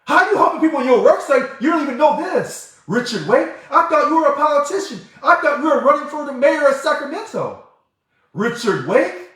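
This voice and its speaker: A man's voice: very high-pitched, sing-song, brisk, bright, forceful tone. Heated livestream guy, calls out commenters by name, super echoey room. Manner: emphatic, heated, repeats names of commenters. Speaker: livestream host. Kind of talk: livestream commentary answering viewers.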